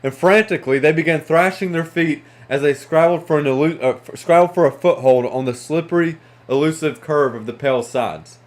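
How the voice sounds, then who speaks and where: Earnest motivational speaker, fairly high voice. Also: male voice, brisk, few pauses. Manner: earnest, conversational, frequent restarts. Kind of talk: motivational storytelling.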